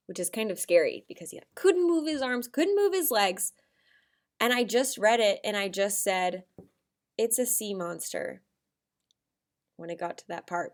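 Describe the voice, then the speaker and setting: A woman teacher giving a recorded lesson to young children, expressive and acting out examples with big shifts in her voice. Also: fairly high pitch.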